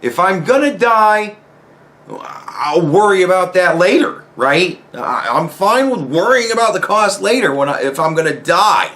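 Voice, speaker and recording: A man's voice: sits high, lively intonation, a little slow, pushed and bright. A man giving ranting personal commentary as host, exasperated and profane, firing off rhetorical questions.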